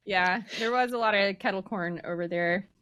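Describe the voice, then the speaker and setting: Woman co-host, relaxed conversational delivery, mid-range pitch. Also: a little slow. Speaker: podcast co-host. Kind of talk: casual chat.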